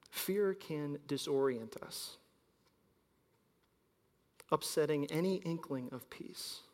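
A pastor in his thirties delivers a sermon full of stories, his high-sitting voice swinging from loud emphasis to quiet asides. The recording carries a long hall reverb.

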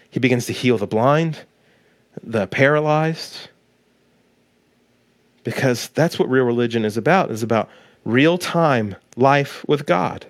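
A man in his thirties, a pastor preaching a sermon to listeners at home, animated and acting out the quoted voices. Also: no room sound. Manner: animated, acts out quoted voices with big pitch jumps; direct address to listeners at home.

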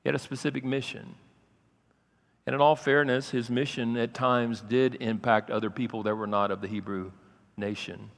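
A man's voice: medium pitch, fairly even intonation, normal speed, gravelly. Man preaching in a reverberant hall. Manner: preaching with sudden loud raised passages and quiet asides. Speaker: pastor. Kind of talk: sermon.

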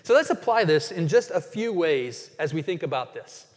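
A man delivers a sermon from a church sanctuary, his voice sitting fairly high. He is earnest and slows right down to savor quoted scripture. The sound carries a long reverb from the hall. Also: big pitch swings. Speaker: pastor.

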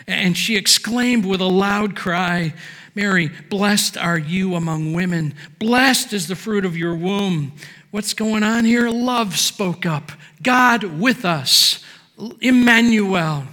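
A man preaching a sermon from a podium, emphatic, swinging between near-shouts and low, quiet lines. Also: big-room sound. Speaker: pastor. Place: church sanctuary.

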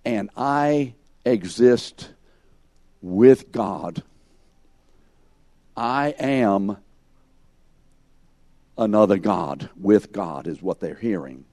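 A man teaching a Bible class at an unhurried pace, his voice mellow and dark. He puts questions to his students and calls on them by name. He stresses his points and walks them through the scene as if they were there. The sound is dry and close. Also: lowish voice, expressive, no echo. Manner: emphatic, acts out scenes in second person.

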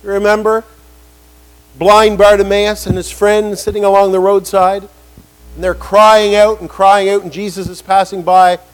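A man preaching a sermon in an animated way, acting out quoted voices with emphatic rises. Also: sits high, normal speed, rough recording.

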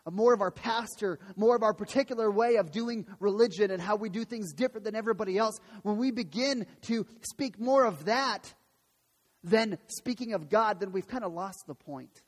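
In a church sanctuary with long hall reverb, a male pastor preaches an earnest, emphatic sermon, repeating phrases for weight. His voice is high-pitched and moves at a normal speed.

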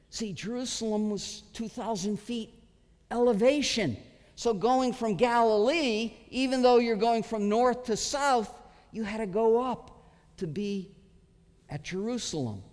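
A pastor giving an expository sermon, earnest and emphatic, pausing often as he teaches. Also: sits high. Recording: long hall reverb.

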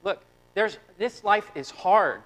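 A man in his thirties preaching a lively, conversational sermon, acting out quotes and turning quiet and tender at personal moments. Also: sits high, slow, low-quality recording. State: close to tears. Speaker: pastor.

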